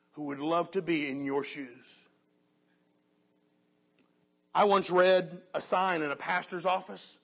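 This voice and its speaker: Earnest high-voiced male preacher. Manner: earnest, dips to a soft hush on key phrases. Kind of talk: sermon.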